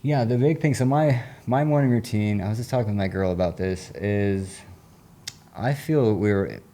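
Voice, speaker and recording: A man guesting on an interview podcast as a recovery coach, his voice low and mellow. He talks in an earnest, rambling way, dropping casual slang as he tells a personal story. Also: normal speed.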